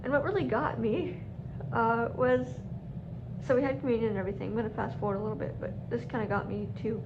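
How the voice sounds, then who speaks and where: A woman's voice: fairly high pitch, fairly even intonation, quick pace, background noise. A young woman telling a story to her camera in a chatty way, laughing often and acting out what others said. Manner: chatty, laughs often, acts out quoted voices. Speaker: vlogger. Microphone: camera mic. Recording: muffled lo-fi camera audio.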